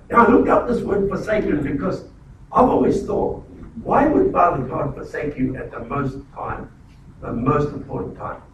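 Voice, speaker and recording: A man's voice: on the high side, very animated, moderate pace, fairly bright tone, very echoey, far from the mic, slight background noise, low-quality recording. A man preaching a sermon as a pastor in a church, emphatic, often repeating words and restarting phrases.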